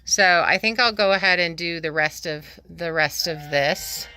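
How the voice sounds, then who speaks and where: A woman's voice: lowish voice, normal speed, sharp tone, faint music behind. A woman vlogging casually from her homestead, chatting to the camera about small projects. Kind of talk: casual vlog chat. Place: tiny home and yard on a rural homestead.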